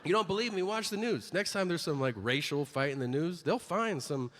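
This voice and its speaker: A man's voice: on the high side, lively intonation, brisk, fairly bright tone. A man doing a stand-up comedy set in a brash, profane, mocking way on a theater stage. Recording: live venue reverb with noise.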